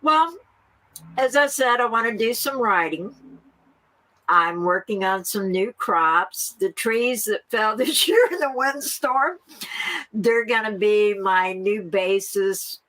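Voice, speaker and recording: Slow-talking middle-aged woman farmer. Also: medium pitch, fairly bright tone, poor audio. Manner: slow, laughs often while talking. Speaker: guest, farmer. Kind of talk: casual interview talk.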